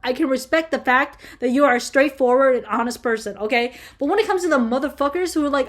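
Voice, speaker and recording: A young woman vlogger answering viewer questions in a casual, heated rant, swearing constantly and filling every pause with fillers. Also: high-pitched. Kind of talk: casual ranting chat.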